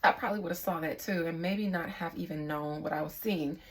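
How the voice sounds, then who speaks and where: A young woman speaking as a psychic reader in a casual, candid vlog monologue, reflective and quick to swear. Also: on the low side, rough recording.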